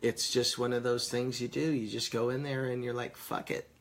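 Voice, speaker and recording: A man's voice: mid-range voice, little pitch movement, a little fast. A stoned man reading viewer comments on a casual live stream, crude, joking and rambling. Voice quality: gravelly.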